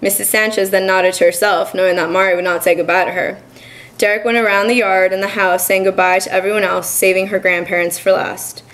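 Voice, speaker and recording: A young woman student reading her own short story aloud at a college reading, in an even, measured manner. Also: mid-range voice, rough recording. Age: young adult. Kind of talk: literary reading.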